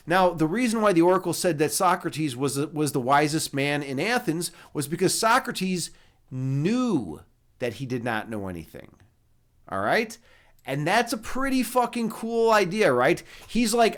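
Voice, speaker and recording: Young male streamer, slightly high voice, casual and profane, lots of restarts. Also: very animated, normal speed. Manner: rambling, profane, with many restarts. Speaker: streamer and chess instructor. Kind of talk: casual live-stream chat.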